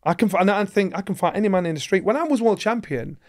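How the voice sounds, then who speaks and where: Animated man telling stories. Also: high voice, fast. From England. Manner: acts out voices in his stories, rising to shouts. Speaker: guest, former boxer. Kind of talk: animated storytelling.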